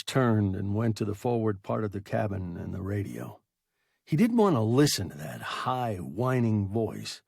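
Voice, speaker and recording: A man narrating a science fiction story in a measured, scripted audiobook reading. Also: on the low side, very animated, vocal fry, a little mellow, husky, no room sound, clean studio sound.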